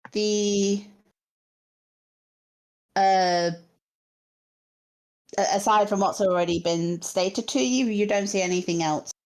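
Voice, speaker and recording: A woman narrating as game master on a video call, slow and hesitant with many pauses and ums. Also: medium pitch, a little mellow. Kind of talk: narrating a tabletop game online.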